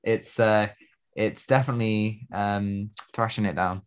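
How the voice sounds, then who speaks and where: A man's voice: on the low side, steady tone, unhurried, slight background noise. A young man co-hosting a podcast, talking with enthusiasm and stumbling over repeated words. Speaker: podcast co-host. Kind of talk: casual chat.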